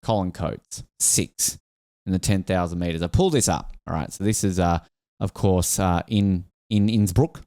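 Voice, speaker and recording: A man's voice: deep voice, normal speed, mellow, no echo, clean studio sound. A man hosting a casual sports podcast, rambling and jokey, laughing often. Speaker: podcast host.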